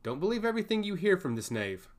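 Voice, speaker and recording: Booming, disdainful old king, stern, read by a male narrator. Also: sing-song, fast talker.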